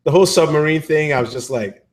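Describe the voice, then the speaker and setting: A man's voice: a little high, fast talker, crowd noise. Rambling man chatting about a movie. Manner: rambling, lots of fillers and restarts; acts out characters' lines in quotes. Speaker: movie review co-host. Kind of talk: casual movie review chat.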